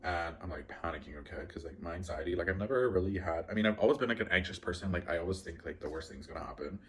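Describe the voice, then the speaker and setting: Mukbang vlogger, low-pitched man, rambling anxious storyteller, faint hiss in the room. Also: fast, a bit bright. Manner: rambling, filler-heavy, anxious retelling. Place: at home, indoors.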